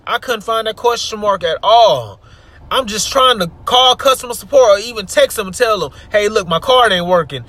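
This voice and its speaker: A frustrated man vents in a story time vlog, his voice bright and forceful and sitting a little high. He swings from loud outbursts to low, grumbling mutters. He is recorded inside a car. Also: expressive, moderate pace. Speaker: vlogger.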